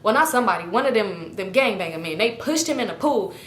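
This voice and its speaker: Animated young woman telling a story. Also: mid-range voice, fast talker. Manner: animated, acts out quotes in other voices, swears freely. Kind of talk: casual storytime. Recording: echoey room.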